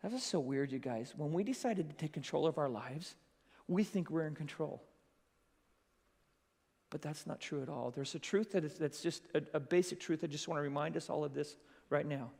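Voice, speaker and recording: A man giving a school chapel sermon in an animated way, acting out quoted voices and calling his listeners "you guys". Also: fairly high pitch, moderate pace, gravelly. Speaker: chapel speaker. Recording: long hall reverb.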